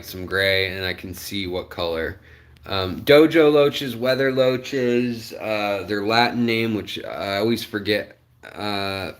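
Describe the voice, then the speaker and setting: A man's voice: low-pitched, a bit bright. A man hosting a casual live stream, rambling with lots of fillers and greeting viewers in the chat by name. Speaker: livestream host.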